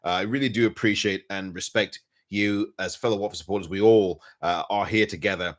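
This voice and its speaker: A man's voice: fairly low pitch, fairly even intonation, fairly quick. A man with an English accent hosting a casual post-match football chat, laughing at his own slip-ups and teasing himself by name. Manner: self-mocking, talks to himself by name. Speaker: podcast host.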